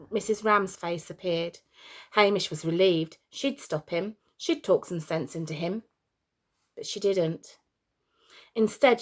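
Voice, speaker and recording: Woman reading a storybook chapter aloud. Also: mid-range voice. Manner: plain, steady reading with small slips and restarts.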